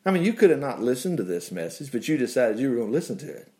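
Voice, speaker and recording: A man's voice: mid-range voice, very animated, rapid-fire, darkish tone. A man preaching a casual, folksy sermon, often laughing and dropping in "praise the Lord". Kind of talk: conversational sermon.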